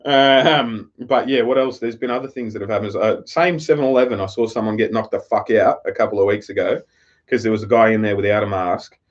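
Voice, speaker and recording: Brisk and lowish-voiced, an Australian man chats on a live stream, telling a long-winded, profane story, with slightly dull lo-fi sound.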